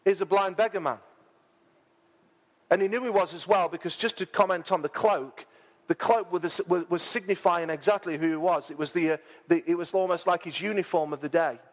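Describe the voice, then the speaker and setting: A man preaching a sermon, chatty and informal, who rises to loud, dramatic peaks when he reads scripture aloud. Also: high voice. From England. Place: church hall. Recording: long church hall reverb.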